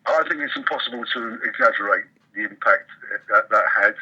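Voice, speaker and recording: A man's voice: fairly low pitch, fairly quick, pushed and bright, husky, muffled recording. A middle-aged man, chatting casually as an interview guest, self-deprecating and full of restarts. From England. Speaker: professional poker player guest.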